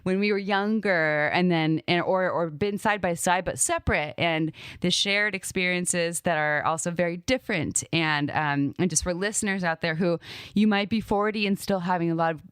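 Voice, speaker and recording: A woman's voice: on the low side, steady tone, moderate pace, a bit bright, clear, resonant tone, no echo, studio quality. A woman in her thirties co-hosting a podcast, talking in a reflective, meandering way that wanders off on asides. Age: 30s. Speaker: podcast co-host. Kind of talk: candid casual chat.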